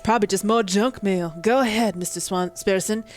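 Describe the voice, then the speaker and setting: A woman's voice: mid-range voice, a little fast, faint music behind, natural voice. A woman voicing a grand, self-assured male bird lawyer in a game, with a put-on French accent. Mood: grandiose.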